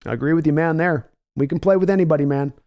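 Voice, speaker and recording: With a mellow, warm voice that's a touch high, the man running this live football stream chats easily and addresses viewers by name from the chat he reads out. He reasons through his analysis aloud at a measured pace, sometimes starting over.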